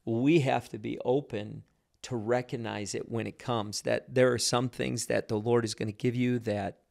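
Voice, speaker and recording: A man's voice: mid-range voice, fairly even intonation, normal speed, creaky, darkish tone. A man with an ordinary mid-range voice explains spiritual ideas in an earnest, conversational way. He restarts his sentences often as he teaches. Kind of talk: casual faith talk, teaching.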